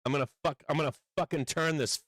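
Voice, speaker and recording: A man hosting a live stock trading stream, talking through charts and swearing loudly when a trade turns against him. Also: a little high, fast, no echo. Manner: profane, swings from calm chart talk to furious outbursts. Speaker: livestream trading host. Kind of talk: live market stream commentary.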